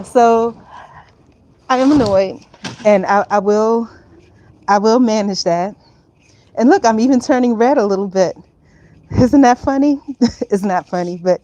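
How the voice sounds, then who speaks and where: A woman's voice: on the high side, warm tone, slight background noise, rough recording. A woman in her fifties talking casually at home. She rambles, laughs often and swears freely. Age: 50s. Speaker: vlogger. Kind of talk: casual talk to camera. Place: at home, indoors.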